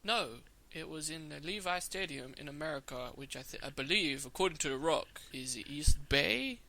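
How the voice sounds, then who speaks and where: A young man with a very bright, forceful voice, bantering crudely and giggling as he co-hosts a casual podcast. His pitch sits a little high for a man. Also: animated, moderate pace, creaky. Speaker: podcast co-host. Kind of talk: casual chat.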